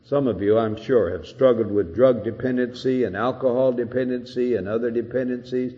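A man's voice: medium pitch, a little fast, in a large hall. An older man preaching an earnest expository sermon, rising to emphatic peaks, on a dull old recording.

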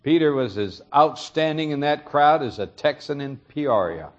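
A man's voice: on the high side, lively intonation, normal speed, highs cut off. A man preaching a sermon, retelling a story earnestly and explaining it, his emphasis rising on key moments.

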